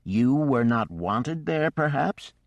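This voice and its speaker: A man's voice: medium pitch, expressive, slow pace, vocal fry, no room sound, voice pushed up. A man voicing an intense female fish-folk sea skipper who questions insistently. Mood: probing. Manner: probing, insistent.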